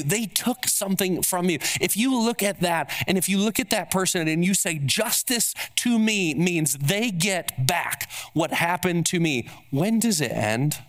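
A man preaching a sermon as pastor, stressing points with repeated rhetorical questions and acting out the words of those he quotes. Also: fairly bright tone. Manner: acts out quoted speech with shifting pitch.

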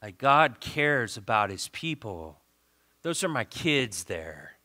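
A male pastor preaching a sermon, swinging from loud fervent exhortation to hushed pleading and often repeating words when stirred. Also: medium pitch, sing-song, takes it slowly.

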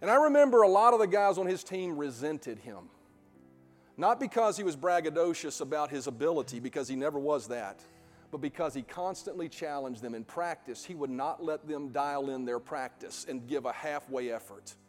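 Male pastor, middle-aged, emphatic sermon delivery; high voice, faint music under a long hall echo. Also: animated, moderate pace. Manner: emphatic preaching, rhetorical questions, builds to loud peaks. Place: church sanctuary.

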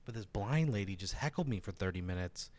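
In a lowish voice and at a brisk clip, a stand-up comic rambles through a story during casual conversation. He's animated, leans heavily on fillers, and swears.

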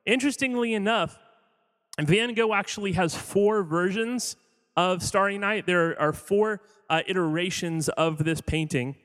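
A man's voice: sits high, a little slow, fairly bright tone. A man preaching a sermon as pastor in a casual, joking way, asking the audience questions as he goes. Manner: conversational, jokey, quizzes the audience. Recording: long hall reverb.

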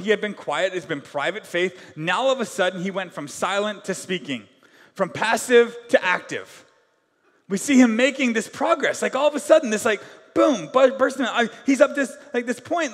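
A man preaching a sermon in a loose, conversational way, full of fillers, swinging between loud bursts and quiet asides. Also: sits high, big-room sound. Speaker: pastor.

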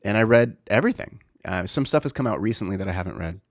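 A man's voice: lowish voice, lively intonation, fast talker, dry recording, clean studio sound. A man in his thirties, a father talking in a casual, reflective way, rambling with many fillers and restarts. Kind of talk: casual personal talk.

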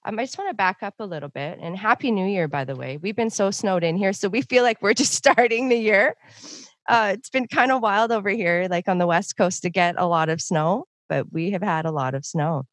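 A woman's voice: medium pitch, a little fast, no room sound. A woman hosting a casual podcast interview, chatty and laughing often. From Canada. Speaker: podcast host.

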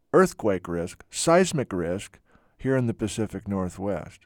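Male geology instructor, animated lecture delivery, self-deprecating humor, dry close sound. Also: mid-range voice, no room sound. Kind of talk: enthusiastic lecture.

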